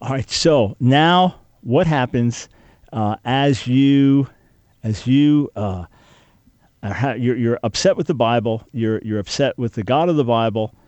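A man's voice: mid-range voice, measured pace, darkish tone, no echo. Man hosting a radio interview, muffled. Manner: hesitant, restarting questions. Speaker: interview host.

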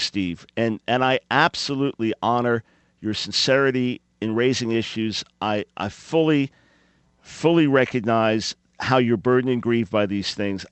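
A man's voice: mid-range voice, clean tone, no echo. Earnest man making his case. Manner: earnest, measured and insistent. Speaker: radio guest. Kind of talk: debate on a radio show.

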